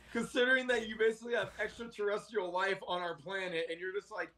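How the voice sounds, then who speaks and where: A man hosting a casual movie discussion podcast, animated and laughing often. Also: sits high, brisk. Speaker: podcast host.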